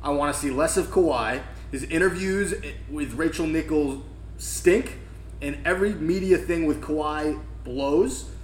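A man's voice: a little high, a little slow. A young man co-hosting a casual sports podcast, talking bluntly and ranting with swearing. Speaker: podcast co-host. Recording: echoey room with faint background noise.

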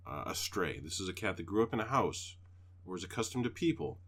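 With a low pitch and a slightly quick pace, a podcast co-host tells a long story in easygoing talk. He's animated, curses freely, and mimics what people said.

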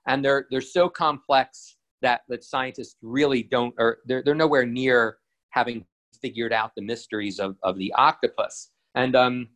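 A man's voice: medium pitch, steady tone, normal speed, fairly bright tone. A man casually retelling an old cartoon in a rambling, hesitant way, with many fillers and restarts.

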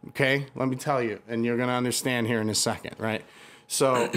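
A man's voice: mid-range voice, fairly even intonation, normal speed, fairly bright tone. A man in casual conversation, telling an angry story full of swearing, restarts and filler words. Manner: heated, profane storytelling with many restarts.

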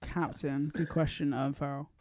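A young man co-hosting a podcast, teasing his friend in casual banter, laughing often and quick to disagree. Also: fairly high pitch, level tone, a little mellow, dry recording. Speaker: podcast co-host.

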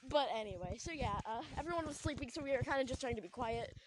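A woman's voice: high-pitched, lively intonation, quick pace, noisy background. A young woman hosting a podcast, telling a story in a rambling casual way full of likes and ums, recorded outdoors at night. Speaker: podcast host. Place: outdoors at night, sitting on a trampoline.

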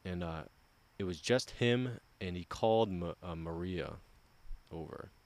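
Deep-voiced man telling a profane story. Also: a little slow. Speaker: podcast storyteller. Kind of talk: casual podcast chat.

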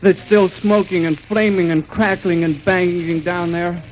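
A man giving live eyewitness radio commentary outdoors at an airfield, urgent and halting, with many restarts. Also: sits high, little pitch movement. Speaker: radio reporter. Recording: dull 1930s radio recording with faint hiss.

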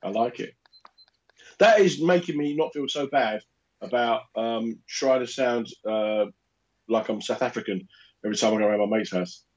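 A man's voice: medium pitch, normal speed, a little mellow, dull audio. A man co-hosting a podcast in casual chat, with a dry, teasing, wry manner. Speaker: podcast co-host.

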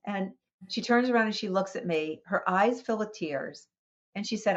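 A woman, a wellness coach, telling a personal story in a podcast interview with lively expression and small restarts. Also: mid-range voice, moderate pace, muffled recording.

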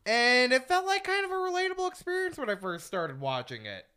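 A man hosting a casual podcast chat, an animated storyteller who swears freely. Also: extremely high pitch, a little fast, smooth. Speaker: podcast host.

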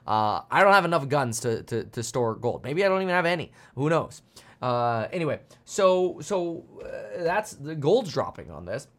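A man's voice: mid-range voice, normal speed. A man in the middle of an ordinary vocal range chats through market news for a live audience. He talks in bursts, restarting sentences, tossing off jokes and little laughs before snapping back to the point. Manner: animated, jumping between asides and self-deprecating jokes; frequent fillers and restarts, chuckling. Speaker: finance livestream host. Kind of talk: casual market commentary to a live chat.

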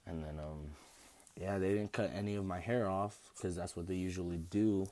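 A man's voice: low voice, steady tone, normal speed, mellow. A young man telling stories about his injuries in a rambling, casual way, with laughs and casual swearing. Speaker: host. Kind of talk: casual storytelling.

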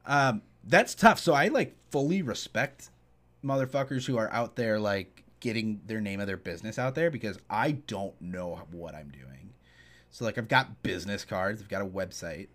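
A man's voice: on the low side, lively intonation, normal speed, a bit bright. A man co-hosting a podcast, talking about his photography work in a laid-back, joking way. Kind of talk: casual chat.

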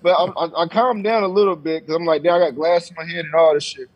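Husky young guy rattling off a story fast, fairly high voice, muffled lo-fi sound. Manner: animated storytelling, acts out quotes, swears freely. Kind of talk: casual chat. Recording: dull lo-fi sound.

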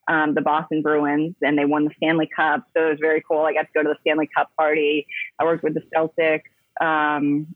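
A woman's voice: sits low, no echo. A woman, a yoga coach who works with professional athletes, telling stories as an interview guest in an emphatic, chatty way, with many fillers and restarts. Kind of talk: casual interview storytelling. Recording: dry, phone-like narrow sound.

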